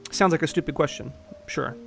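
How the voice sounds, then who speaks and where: A man's voice: fairly high pitch, a little fast, vocal fry, soft background music. Blunt, cursing male life coach. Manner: blunt and profane, presses the listener with direct questions. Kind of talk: casual one-on-one advice talk.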